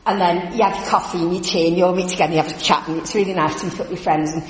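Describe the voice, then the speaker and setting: A woman preaching in a chatty, animated storytelling way in a church. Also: on the low side, racing. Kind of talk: lively church talk. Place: church hall. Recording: echoey church hall from a distance.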